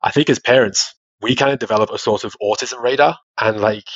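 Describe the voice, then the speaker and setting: A man, a father telling stories as a podcast guest, animated and quick to laugh. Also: medium pitch, dry recording, dull audio. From Australia. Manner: animated storytelling, laughs often, many restarts. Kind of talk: casual interview chat.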